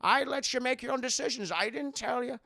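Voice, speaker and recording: A man's voice: very high voice, a little fast, creaky, bright, forceful tone, no echo, studio quality, pitched above the performer's own voice, exaggerated voice. A man impersonating a stern older father who lectures his grown son. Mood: lecturing. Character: gruff scolding older father, Connery impression.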